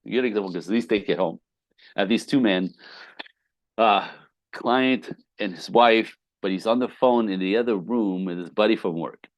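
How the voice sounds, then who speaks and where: A man who is a relationship coach, telling client stories on a podcast with lively acted-out quotes and casual swearing. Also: lowish voice, moderate pace, no echo. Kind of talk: podcast interview guest.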